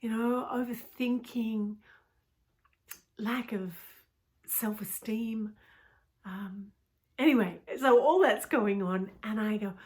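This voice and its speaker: A woman's voice: on the high side, slow, pauses often, darkish tone. Woman telling a story, often whispering. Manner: intimate, often drops to a whisper; frequent "you know" asides. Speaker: coach. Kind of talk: personal storytelling.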